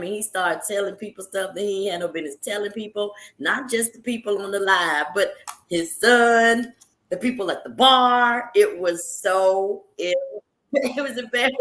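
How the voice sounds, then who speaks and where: A woman hosts her own live stream and chats casually with the viewers she calls y'all. She sounds bright and animated and laughs often, and her voice bounces around an echoey room. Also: mid-range voice.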